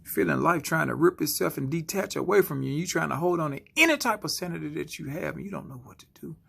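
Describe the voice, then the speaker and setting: A man giving a spoken-word motivational sermon, slow and dramatic, often dropping into hushed whispers. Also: fairly high pitch, sing-song, gravelly, slightly rough. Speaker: motivational speaker.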